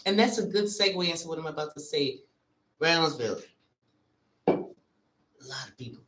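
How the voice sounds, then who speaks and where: Deep-ish woman cohost, emphatic advice-giving, lots of "you understand?", roomy echo. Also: animated, moderate pace, noisy background. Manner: advising, emphatic, asks "you understand what I'm saying?". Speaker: co-host. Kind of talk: casual talk-show chat.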